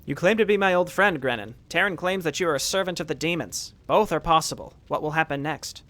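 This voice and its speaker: A man's voice: a little high, a little fast, a bit bright, close to an everyday voice. A man voicing a stern, suspicious human paladin leader, reading the game text plainly.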